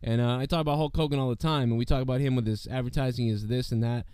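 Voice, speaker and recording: Hoarse man rambling on a podcast. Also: medium pitch, steady tone, racing, a little mellow, no room sound. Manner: rambling, lots of fillers and swearing. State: hoarse, sick voice. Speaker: podcast host. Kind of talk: casual podcast chat.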